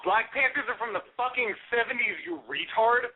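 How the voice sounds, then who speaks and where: A man calling in to a radio talk show, halting and then taunting and abusive. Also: extremely high pitch, crowd noise. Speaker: caller. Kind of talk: prank call-in. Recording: tinny phone line on radio.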